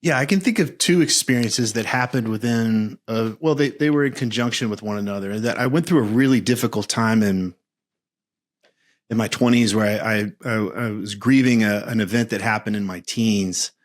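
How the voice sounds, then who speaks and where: A men's coach in his fifties, with a lowish voice and moderate pace, appears as a podcast guest. He speaks earnestly and reflectively, frequently restarting his phrases.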